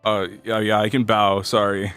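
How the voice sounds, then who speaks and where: A man with a low, bright voice speaks in character during a roleplay stream. He mumbles and hesitates, filling gaps with short sounds. Faint music plays behind him. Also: flat delivery, moderate pace, clear, resonant tone.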